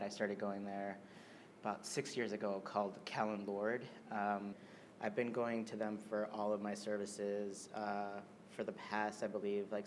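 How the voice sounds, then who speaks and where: A man's voice: lowish voice, a little hiss or hum. A man answering interview questions casually and hesitantly, with many fillers.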